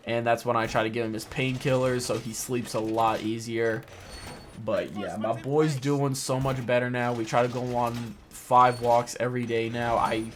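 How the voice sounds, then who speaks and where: A young gaming vlogger with a mid-range, fairly bright voice talks casually and emotionally over gameplay. He rambles, his voice wavers, and he leans heavily on "like" and "or whatever."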